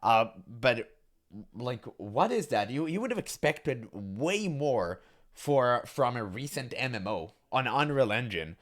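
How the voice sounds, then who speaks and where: Scornful ranting man with lively pitch. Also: slow. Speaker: reaction commentator. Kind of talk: casual reaction commentary.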